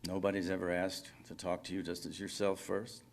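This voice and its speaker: A man's voice: deep voice, level tone, creaky, slight background noise. Man reading as lonely rambling phone caller. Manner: rambling, apologetic, halting. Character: lonely middle-aged man confessing on phone. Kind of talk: live fiction reading. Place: conference reading room.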